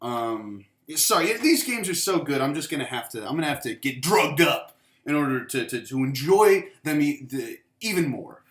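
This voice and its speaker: Lively, profane sports ranter. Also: male voice, on the high side, moderate pace. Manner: profane, rambling, emphatic. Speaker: sports commentator. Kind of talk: ranting vlog commentary. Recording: echoey room.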